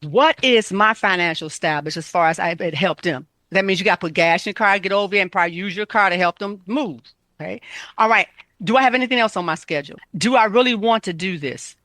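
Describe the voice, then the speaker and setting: A woman's voice: mid-range voice, fast, fairly bright tone, no room sound. A woman health coach giving casual, emphatic self-care advice, repeating her points.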